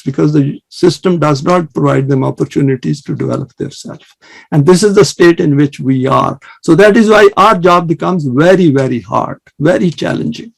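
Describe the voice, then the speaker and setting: Religious lecturer, male, earnest and measured, fry in the voice. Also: fairly high pitch. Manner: earnest, measured lecturing with fast Arabic recitation. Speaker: Islamic study presenter.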